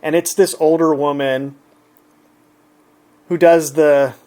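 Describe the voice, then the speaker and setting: A man's voice: fairly high pitch, steady tone, slow pace, a little mellow. A man relaxedly retelling an everyday encounter in a chatty, conversational way. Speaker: storyteller. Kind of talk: casual anecdote.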